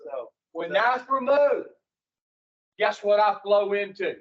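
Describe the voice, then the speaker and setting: A man's voice: high-pitched, animated, slow, muffled recording. A man speaking to an addiction recovery group in a folksy, preaching way, putting rhetorical questions to his listeners.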